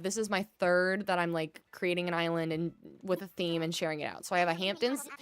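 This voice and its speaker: A young woman from the American Midwest, with a Midwestern accent, chats casually with viewers while streaming a game, stretching out words for drama. Her voice is mid-range and a bit bright.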